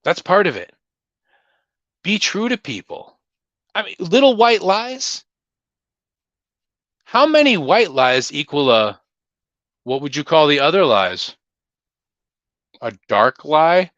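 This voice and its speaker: A man's voice: fairly high pitch, sing-song, takes it slowly, pauses often, fairly bright tone, no room sound, muffled recording. A man hosting a casual livestream Q&A, talking in a blunt, opinionated, rambling way. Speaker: livestream host.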